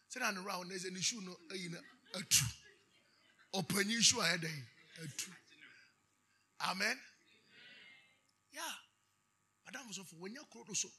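A man with a Ghanaian English accent preaches a sermon, shifting between chanted, shouted declarations and quiet storytelling. His voice sits high and sounds husky.

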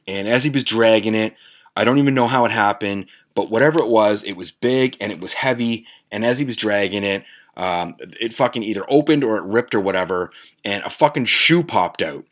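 A man's voice: fairly low pitch, fairly bright tone. A man hosting a podcast, telling a story casually in a profane, rambling way with lots of restarts. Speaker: podcast host.

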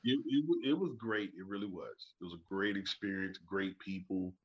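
A man in his forties with a Southern US accent, telling lively stories as a podcast guest and mimicking other people's voices. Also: low voice, normal speed. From Birmingham, Alabama. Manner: animated storyteller, mimics voices. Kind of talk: casual interview chat. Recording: dull lo-fi audio.

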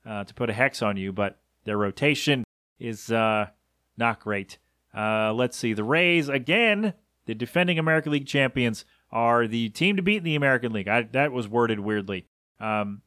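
A man's voice: mid-range voice, a bit bright, no echo, clean studio sound. A man hosting a podcast, chatting loosely about sports on his own, often correcting himself and wandering off into asides. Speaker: podcast host. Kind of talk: casual solo sports talk.

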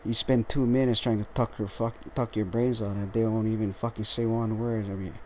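A lethargic man talks through his solo podcast in a slightly low voice, tripping over his words and restarting often. He swears casually as he goes. A faint noise sits under the recording. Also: level tone. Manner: rambling, halting, with frequent restarts and swearing. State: tired and lethargic. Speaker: podcast host.

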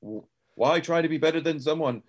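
A man with a slightly raised pitch plays a tabletop game. He speaks his lines in a relaxed, reflective manner. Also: fairly quick. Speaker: player.

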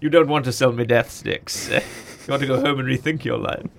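A man doing an impression of a calm older male space knight mentor, drawn-out, sensual and louder than his usual talk. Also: mid-range voice, gravelly, a little hiss or hum, natural voice. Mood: suave.

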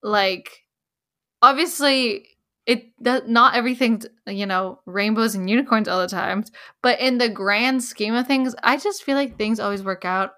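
A woman's voice: fairly high pitch, measured pace, pushed and bright. A woman in her twenties co-hosting a film podcast, chatting in a bubbly, giggly, emotional way. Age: 20s. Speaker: podcast co-host. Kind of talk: casual chat.

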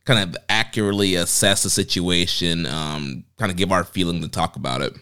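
A man co-hosting a podcast in relaxed, loose casual chat with plenty of fillers. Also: low-pitched, a little fast, smooth. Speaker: podcast co-host.

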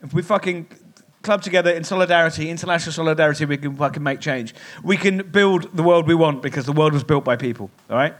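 A man hosting a live club event, rallying the crowd with excited, sweary talk. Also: fairly high pitch, fast talker. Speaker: podcast host introducing acts. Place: live music club with audience.

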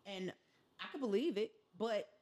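A woman's voice: medium pitch, normal speed. A woman hosting a podcast, talking casually and telling stories with quoted asides. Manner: conversational, animated storytelling with quoted asides. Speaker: podcast host. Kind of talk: casual chat.

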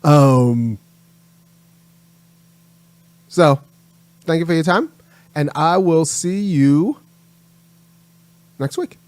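A man's voice: fairly high pitch, lively intonation, takes it slowly, a little mellow, dry recording. A man hosting his own channel, giving an emphatic opinion monologue that repeats its points and lectures. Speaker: channel host.

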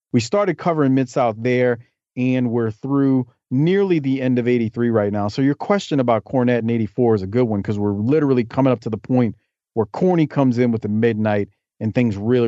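A man's voice: mid-range voice, mellow, dry recording. Chatty man on dull lo-fi podcast audio. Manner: talkative, storytelling, jokey asides. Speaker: podcast guest, wrestling historian. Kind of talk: casual interview chat.

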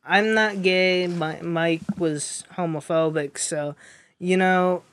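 A man's voice: sits high, fairly even intonation, slow pace, background noise. A young man telling a rambling story in casual chat, with lots of fillers and restarts.

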